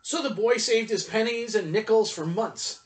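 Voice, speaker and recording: A man reading a children's story aloud at a church story time, in an expressive storytelling manner. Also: high voice, moderate pace, distant mic, faint music behind, low-quality recording.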